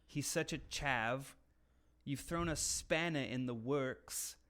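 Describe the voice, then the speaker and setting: A man's voice: mid-range voice, slow pace, fairly bright tone. A young American man co-hosting a podcast, joking crudely and reading slang aloud in casual chat. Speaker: podcast co-host.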